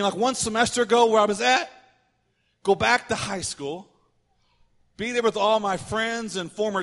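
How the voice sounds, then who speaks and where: Animated man preaching in a reverberant hall. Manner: animated, acts out quotes with big swings of pitch and volume. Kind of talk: sermon storytelling.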